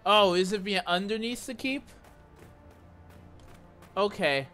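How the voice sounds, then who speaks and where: A man chats through a fantasy game session, thinking aloud and reacting to what happens on screen. His slightly high voice swings up and down, and faint game music plays underneath. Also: animated, sharp tone. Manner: chatty, talks to himself and chat, quick reactions. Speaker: let's play streamer. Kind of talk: casual gameplay commentary.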